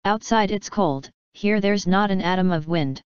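A woman's voice: mid-range voice, normal speed, a little mellow, clean tone, no room sound, highs cut off, close to an everyday voice. A woman voicing a brash, streetwise young boy in a storybook reading, bossy and slangy. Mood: cocky.

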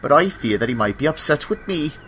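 An anxious old steam engine voiced by a man talks in a hesitant, careful way. His voice moves a lot in pitch and has a bright edge. He is a shy, worried character from a storybook train tale. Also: animated, brisk, a little hiss or hum. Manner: timid, hesitant.

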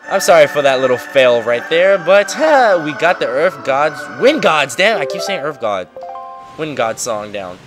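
A man's voice: fairly high pitch, sing-song, moderate pace. Joking man commenting on gameplay. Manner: joking, swears freely, talks to the game. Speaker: let's play host. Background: game music.

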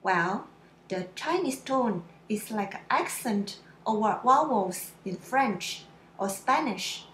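A woman teaching pronunciation in a slow lesson, drawing out syllables and explaining them simply. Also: medium pitch, expressive, a bit bright, roomy sound, a little hiss or hum. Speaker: Mandarin teacher.

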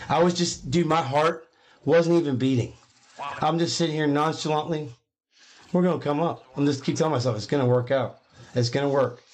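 A man streaming his gambling live, reacting with excitable, profane bursts of exclamation. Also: fairly high pitch, fairly quick. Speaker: gambling livestreamer.

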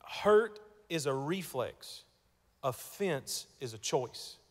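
A man preaching a sermon as pastor, telling a story and repeating words as he starts, moving between hushed and loud passages. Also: mid-range voice, big pitch swings, takes it slowly, big-room sound. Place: church sanctuary.

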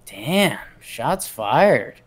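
A man's voice: mid-range voice, very animated, very slow, husky. A man co-hosting a casual baseball podcast, with wry, sarcastic banter. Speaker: podcast co-host. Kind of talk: casual sports chat.

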